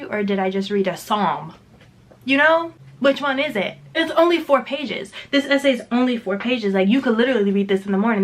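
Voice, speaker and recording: Emphatic, bright-voiced woman vlogger. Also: mid-range voice, rough recording. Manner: candid, emphatic, profane. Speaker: book reviewer. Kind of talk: casual vlog book review.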